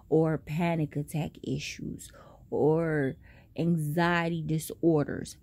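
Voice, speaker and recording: A young woman telling a story in a casual vlog, animated and profane, with big jumps in pitch. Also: measured pace. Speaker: vlogger.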